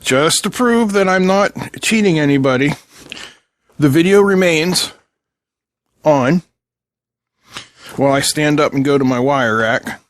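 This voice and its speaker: A man's voice: on the high side, expressive, unhurried, long pauses, dry recording. A man hosting an electronics tutorial from his workbench, talking casually and joking with viewers while he solders and tests a circuit board. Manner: joking, chatty asides while working. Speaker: electronics channel host.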